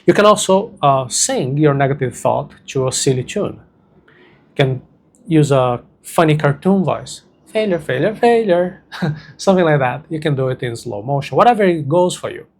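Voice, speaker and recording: Gravelly-voiced man teaching slowly. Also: mid-range voice, animated. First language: Portuguese. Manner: slow, deliberate, repeats key words. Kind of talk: self-help lesson.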